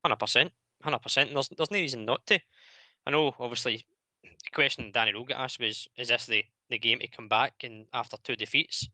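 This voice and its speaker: A Scottish man hosting a football phone-in, arguing his point in a steady, reasoned way. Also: medium pitch, fairly quick, dry recording.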